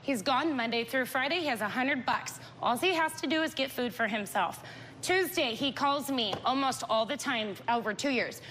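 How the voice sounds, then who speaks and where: A woman guest on a talk show, telling her story in a rapid, indignant way. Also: high voice, a bit bright, slight background noise. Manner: rapid, indignant, acts out quotes. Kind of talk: emotional storytelling.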